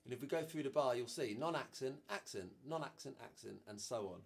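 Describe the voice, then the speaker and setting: A man's voice: medium pitch, expressive, fairly quick, gravelly. Man teaching drums, counting beats aloud. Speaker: drum teacher. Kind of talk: instructional drum lesson.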